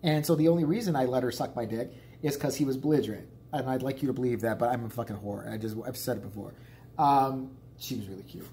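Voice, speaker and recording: A man's voice: mid-range voice, quick pace, warm tone, slight background noise. A man telling a rambling, profane story in a casual vlog. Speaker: vlogger.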